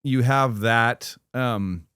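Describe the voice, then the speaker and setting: A man's voice: mid-range voice, extremely slow, a bit bright, smooth, no echo, studio quality. A man co-hosting a casual movie review chat, enthusiastic and rambling, with lots of fillers and restarts. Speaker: podcast co-host.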